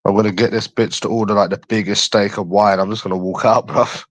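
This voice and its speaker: A man's voice: lowish voice, flat delivery, a little fast, no echo. A young man from London chatting on a livestream, crude, taunting and repeating himself as he answers viewers. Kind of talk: casual chat answering viewers.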